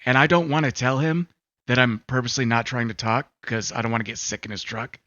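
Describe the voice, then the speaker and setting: A man's voice: medium pitch, steady tone, fast talker, pushed and bright, dry recording. A man co-hosting a gaming talk show, rambling casually with lots of fillers and acting out quotes. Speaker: podcast co-host. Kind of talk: casual chat and storytelling. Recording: slightly dull sound with faint music.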